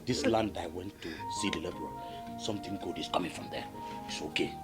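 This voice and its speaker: An actor with a Nigerian accent playing a tired husband who keeps begging his sister and wife to calm down. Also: deep voice, fast talker, faint music behind, natural voice. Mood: pleading. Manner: pleading, soothing, repetitive. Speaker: husband and brother. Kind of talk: Nollywood film acting.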